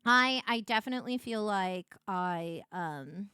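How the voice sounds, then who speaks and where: Bright lively young woman streamer, casual chat, dry close mic. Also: medium pitch, a little slow, no room sound. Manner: animated, laughing, shrieks when excited.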